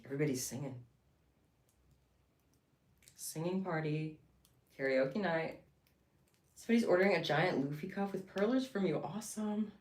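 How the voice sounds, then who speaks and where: A woman chatting casually and excitably to her viewers while livestreaming her craft work. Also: fairly low pitch, normal speed, echoey room. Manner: chatty and excitable, talking to chat. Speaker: livestreamer making bead bracelets.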